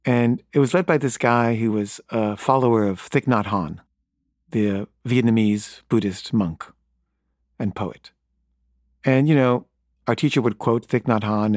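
A man's voice: mid-range voice, dry recording, studio quality. A man telling a wry, exasperated story in a casual monologue.

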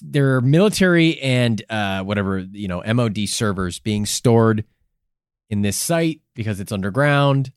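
A man's voice: medium pitch, clean tone, no room sound, clean studio sound. Profane, rambling man podcast co-host. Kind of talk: casual banter podcast.

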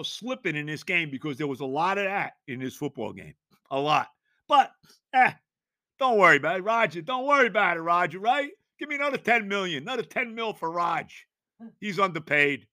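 A sports talk host ranting in exasperation, stumbling over repeated words and breaking into shouts. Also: male voice, fairly high pitch, no room sound, studio quality. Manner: exasperated, ranting, stammering restarts, bursts of shouting.

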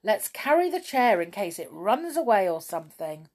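A woman voicing an excitable young male pixie in a children's storybook reading, with urgent, dramatic exclamations. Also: medium pitch, normal speed. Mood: excited.

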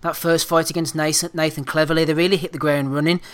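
A man's voice: a little high, flat delivery, fast talker, clean tone. A man hosting a casual boxing podcast, swearing freely and moving the chat between segments. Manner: swearing, laughing, runs the segments. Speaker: podcast host.

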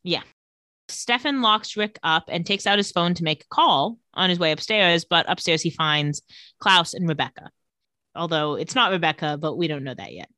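A woman's voice: on the low side, expressive, moderate pace, sharp tone, no echo, studio quality. A woman co-hosting a podcast, casually recapping a TV episode in a playful, slangy way. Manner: playful, slangy, retells scenes quoting characters. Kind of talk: casual chat.

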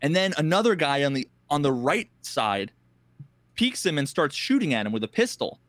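A man co-hosting a podcast, telling a gaming story in casual, animated talk, acting out other players in quick voices and swearing freely. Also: on the high side, no room sound. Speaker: podcast co-host.

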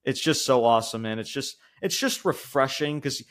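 A man co-hosting a casual wrestling podcast, rambling and swearing, laughing often and pushing his voice up high when he gets worked up. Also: normal speed, a bit bright. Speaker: podcast co-host.

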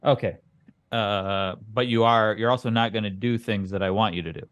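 Deadpan man on a podcast. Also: fairly low pitch, normal speed, no echo, studio quality. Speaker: podcast co-host. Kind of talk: casual comedic chat.

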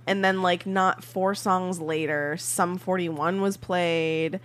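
A woman's voice: lowish voice, takes it slowly. A young woman co-hosting a podcast, chatting casually with plenty of fillers. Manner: relaxed, chatty, lots of fillers. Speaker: podcast co-host. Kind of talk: casual chat.

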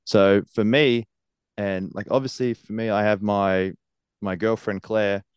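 A man with a very low voice talks earnestly about his wrestling career. He laughs often as he talks. The recording is dry and close. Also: fairly even intonation, a little slow, smooth, no echo, muffled recording. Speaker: professional wrestler, guest. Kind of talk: casual interview.

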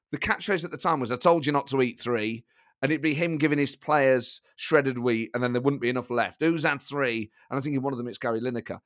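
Nottingham man, podcast guest, lively storyteller, a touch higher than average, dry sound. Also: dry recording. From Nottingham, England. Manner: animated storyteller, laughs often. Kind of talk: casual chat.

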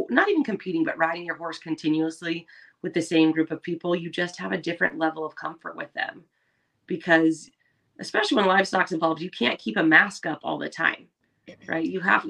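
A woman's voice: fairly low pitch, creaky, a bit bright. A woman co-hosting a podcast, talking earnestly and encouragingly in casual chat. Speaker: podcast co-host.

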